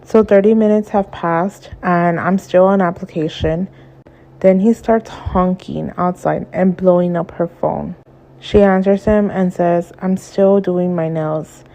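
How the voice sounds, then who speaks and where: A woman's voice: fairly low pitch, fairly even intonation, a little slow, warm tone. A woman nail tech telling a storytime about a client in a plain, matter-of-fact way, on a dull lo-fi recording. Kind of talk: storytime vlog.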